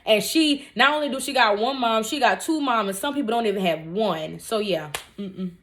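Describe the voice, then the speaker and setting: A woman's voice: fairly high pitch, moderate pace, a bit bright. A young woman in her twenties talks straight to her viewers in a casual storytime Q&A, candid and blunt. She leans hard on her points and drops joking asides between viewer questions. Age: 20s. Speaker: vlogger answering viewer questions.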